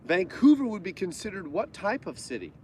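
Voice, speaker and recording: A man's voice: sits high, sing-song, fairly quick, darkish tone, a little hiss or hum. A Canadian man co-hosting a casual livestream chat, jokey and prone to going off on tangents. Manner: chatty, jokey, goes off on tangents. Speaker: livestream co-host.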